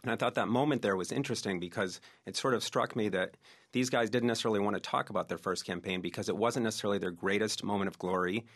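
A man's voice: fairly low pitch, fast. A man, a researcher and oral historian, eagerly telling anecdotes as an interview guest.

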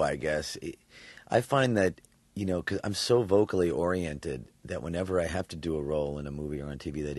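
Deep-voiced new york guy, voice actor being interviewed, lively and laughy, dry studio sound. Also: no room sound. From New York, USA. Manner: animated, laughs often, thinks aloud with fillers. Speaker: voice actor guest. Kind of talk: interview answers.

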